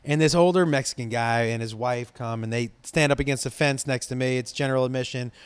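A man's voice: mid-range voice, brisk, clean tone, no echo. A man from Los Angeles telling a casual, rambling story, swearing freely and restarting his sentences as he goes. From Los Angeles, USA. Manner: rambling, profane, excitable.

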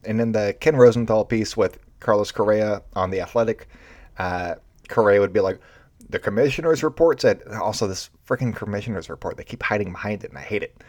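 A man with a low-pitched voice hosts a baseball show, riffing off the top of his head. His tone is sarcastic and ranting. The recording is dry and close, with no room sound. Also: steady tone, fairly quick, darkish tone, no echo. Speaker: baseball podcast host. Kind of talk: unscripted sports commentary.

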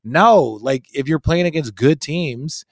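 Male host, casual sports banter, emphatic and animated, swears, dry close sound. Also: on the high side, measured pace, no room sound.

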